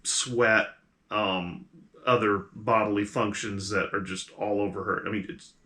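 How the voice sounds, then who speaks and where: A man running a tabletop role-playing game, describing scenes casually and rambling through plenty of ums and you-knows. His voice sits at an ordinary pitch but has a bright, forceful edge. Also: steady tone, measured pace. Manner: casual, rambling with many fillers. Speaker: game master.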